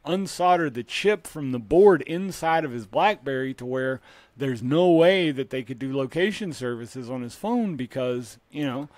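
A man's voice: mid-range voice, expressive, normal speed, darkish tone, no echo. A man co-hosting a casual comedy podcast, rambling with lots of restarts and fillers and swearing freely. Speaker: podcast co-host.

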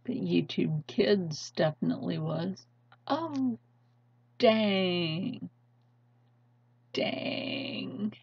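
Woman vlogger, husky and unhurried, urgent and pleading, dull lo-fi audio. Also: fairly low pitch, dry recording. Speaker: channel host. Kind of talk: impassioned vlog rant. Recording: dull lo-fi sound.

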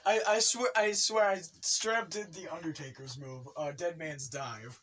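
A young man hosting a gaming video, commentating excitedly and teasing his opponent with frequent yelps and laughs. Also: fairly high pitch, moderate pace. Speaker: gaming channel host.

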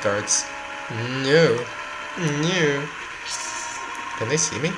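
A man giving casual, excitable, self-mocking commentary while he plays a video game. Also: medium pitch, measured pace, long pauses, poor audio. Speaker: let's play gamer. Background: game music.

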